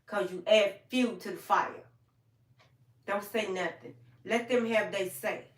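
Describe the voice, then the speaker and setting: A woman's voice: mid-range voice, slow. Older lady chatting on her livestream, folksy and heartfelt, kinda far from the mic in an echoey room. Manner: folksy and heartfelt, talks straight to viewers by name. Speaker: livestream host. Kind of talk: casual livestream chat with viewers.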